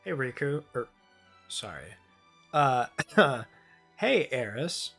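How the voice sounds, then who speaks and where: A man's voice: mid-range voice, sing-song, takes it slowly, vocal fry, fairly bright tone, soft background music. A man playing a tabletop game, rambling and joking with swear words in casual chat. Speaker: player.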